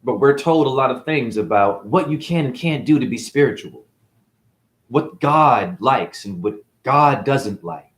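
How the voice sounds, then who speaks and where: In an echoey room, a man acting as a spiritual teacher delivers an unscripted rant, defiant and preachy, swearing and throwing in mocking asides. His mid-range voice is animated, his pace measured.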